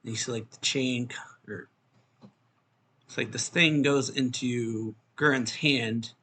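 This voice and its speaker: A man's voice: mid-range voice, steady tone, slow, bright, forceful tone. A man giving a loose, casual recap of a comic chapter, full of fillers, who lifts his voice when he reads out the characters' lines. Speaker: manga reviewer. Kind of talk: casual recap reading out manga dialogue.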